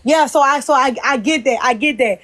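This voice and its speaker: A woman with a high voice speaks earnestly on a phone live stream. She calls for attention and stumbles over restarts. The sound is dry and close. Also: fairly quick, fairly bright tone, no room sound.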